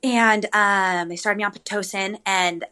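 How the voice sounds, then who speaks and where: A woman's voice: mid-range voice, a little slow. A young adult woman telling her birth story in a casual chat, full of "like" and "um". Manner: chatty, animated storytelling with many "like"s and "um"s.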